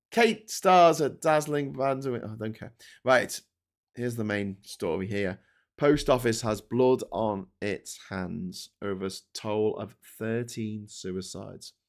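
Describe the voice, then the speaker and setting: A middle-aged man with a somewhat low voice hosts his own political news show. He rants in a casual, blunt and sarcastic way, swears freely, and trips over restarts and fillers as he goes. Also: creaky, darkish tone. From Britain. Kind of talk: casual ranting commentary.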